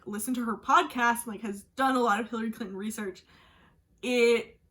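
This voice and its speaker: A book vlogger with a somewhat high, slightly bright voice chats casually about what she has read. She gushes through her review and says "like" a lot.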